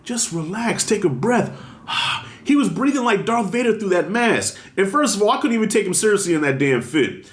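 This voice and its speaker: A man giving blunt, animated commentary in a casual vlog, talking with heavy slang and strong emphasis. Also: high-pitched, a little fast, a little hiss or hum. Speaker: commentary vlogger. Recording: roomy echo.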